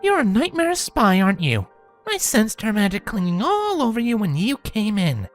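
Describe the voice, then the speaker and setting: A woman's voice: medium pitch, huge pitch swings, moderate pace, faint music behind. A woman voicing a suspicious, intense young female pony mage in a fan audiobook reading. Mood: accusing. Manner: accusing, intense.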